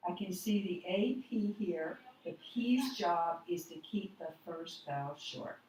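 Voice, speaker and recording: A woman teaches phonics in a slow, careful way, spelling words out one letter at a time. Her voice sits a little low and sounds far from the mic in a very echoey room with faint background noise. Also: expressive, a little mellow. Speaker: reading teacher. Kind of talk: phonics lesson at a board.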